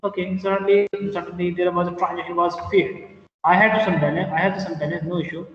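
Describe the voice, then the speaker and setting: A man lectures a class, repeating himself and filling pauses as he works through each point. His voice sits high. He is recorded from a distance in an echoey classroom, with a long reverb tail. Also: flat delivery. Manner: explains slowly with repetitions and fillers. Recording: echoey room, distant mic, muffled.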